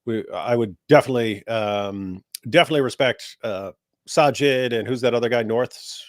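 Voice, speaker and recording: A man co-hosting a casual chat show, blunt and combative in the way he talks. His voice is mid-pitched, and the sound is dry and close, with no room echo. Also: moderate pace. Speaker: co-host.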